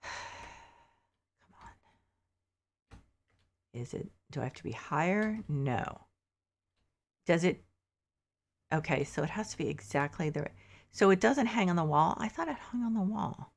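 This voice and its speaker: A woman's voice: on the low side, expressive, a little slow, creaky, long pauses. A woman casually chatting to her viewers while playing a game, thinking aloud with mild frustrated asides, a little sleepy. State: sleepy, yawning. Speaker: game streamer. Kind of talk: casual gameplay commentary.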